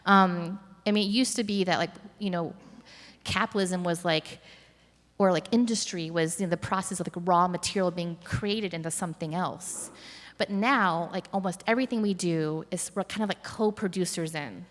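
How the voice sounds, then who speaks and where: A woman speaks in a fairly low voice, telling a story in an unhurried, reflective way, full of fillers and restarts as she gathers her thoughts. Her voice rings out in a hall with a long reverb. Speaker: curator. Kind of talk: conversational interview on stage.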